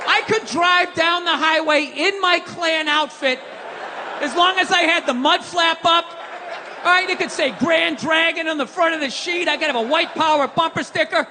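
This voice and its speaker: A man doing a stand-up rant on stage, cursing freely and yelling his punchlines while mocking people in put-on voices. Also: very high voice, normal speed. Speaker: stand-up comedian. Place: large comedy venue with a live audience. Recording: live stage recording, long hall reverb, crowd noise.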